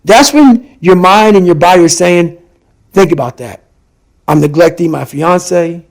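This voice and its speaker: Gravelly high-pitched man, intense and emphatic. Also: normal speed, a little hiss or hum. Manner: forceful, repetitive, emphatic. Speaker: podcast guest. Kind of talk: intense motivational talk.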